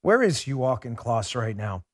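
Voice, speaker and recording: A man's voice: mid-range voice, sing-song, moderate pace, no echo, clean studio sound. A man hosting a political talk show, speaking to his listeners in a fervent monologue full of rhetorical questions. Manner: addresses listeners as folks.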